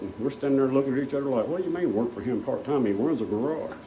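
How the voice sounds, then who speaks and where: A man's voice: mid-range voice, animated, racing, few pauses, dark tone, a little hiss or hum, low-quality recording. A man, casually telling a rambling, folksy story full of fillers, as a vlogger in a small shop.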